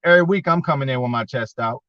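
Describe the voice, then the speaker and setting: A man's voice: medium pitch, quick pace, dry recording. A man hosting a casual sports fan show, talking with viewers in a slangy, profane way and getting worked up as he goes. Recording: dull lo-fi.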